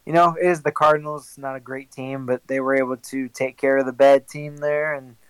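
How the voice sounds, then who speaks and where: A man co-hosting a casual sports podcast, talking in an easygoing, steady way with light laughter. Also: mid-range voice, brisk, clean tone, dry recording, rough recording. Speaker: podcast co-host.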